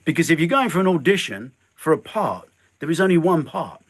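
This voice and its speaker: A fairly quick, husky, slightly high voice belongs to an older man guesting in an interview; he is a stuntman and filmmaker who tells animated stories and performs quoted lines.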